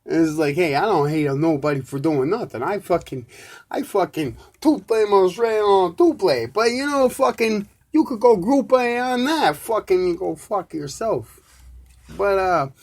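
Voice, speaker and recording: A man hosting a solo live podcast, ranting in a rambling, profane way, swinging from loud outbursts to low mumbles. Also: lively intonation, a little slow. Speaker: podcast host.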